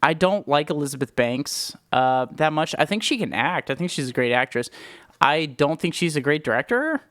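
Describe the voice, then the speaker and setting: A man's voice: a little high, expressive, normal speed, a bit bright, no room sound. Chatty opinionated man on a dry mic. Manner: chatty, opinionated, laughs often, self-described film snob. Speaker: podcast co-host. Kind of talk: casual movie chat.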